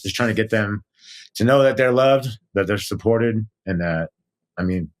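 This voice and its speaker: Earnest, animated low-voiced man. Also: moderate pace. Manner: earnest, animated storytelling with many fillers. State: emotional. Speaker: guest. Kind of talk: casual interview talk.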